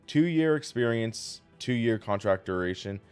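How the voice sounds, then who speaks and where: A man's voice: medium pitch, expressive, normal speed, a little mellow, clean tone, faint music behind. Chatty man streaming sim racing. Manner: chatty, rambling, thanks viewers. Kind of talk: casual live-stream commentary.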